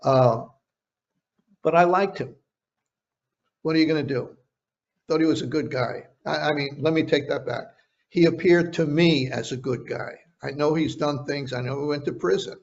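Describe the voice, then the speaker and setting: A man's voice: on the high side, normal speed, pauses often. An older man, a veteran journalist, recounting a story in a casual interview, often restarting his phrases. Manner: conversational, repeats words when restarting. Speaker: retired journalist guest. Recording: dull lo-fi sound.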